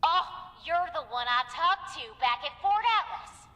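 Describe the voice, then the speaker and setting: A woman's voice: very high voice, expressive, moderate pace, pushed and bright, heavily acted. An actress playing a brash, tough young woman with an exaggerated twang who leads a trapped squad in a video game. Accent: exaggerated Southern-style twang. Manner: brash, bargaining.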